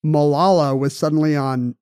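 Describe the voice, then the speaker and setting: A man co-hosting a podcast, telling a story in casual chat with animated, quick bursts. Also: on the high side, smooth, no echo, clean studio sound. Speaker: podcast co-host.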